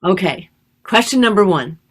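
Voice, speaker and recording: A woman's voice: mid-range voice, expressive, moderate pace, slightly rough. A woman hosting an online live show, upbeat and chatty with many ums and uhs. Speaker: host.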